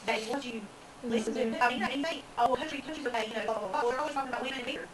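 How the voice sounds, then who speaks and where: A woman's voice: fairly high pitch, very fast. A woman in a church Bible study group, talking frankly. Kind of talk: casual group chat. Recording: noisy room with crowd.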